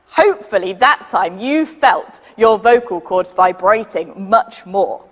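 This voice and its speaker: A woman with a British accent leading a children's science demonstration, patient and lively, counting down for the audience to join in. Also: medium pitch, takes it slowly, big-room sound. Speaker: science workshop leader.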